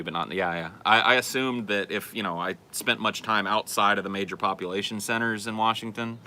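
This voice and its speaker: A man's voice: deep voice, bright, forceful tone, slight background noise. A man hosting a casual livestream chat, reading questions and answering in a rambling, self-correcting way at home.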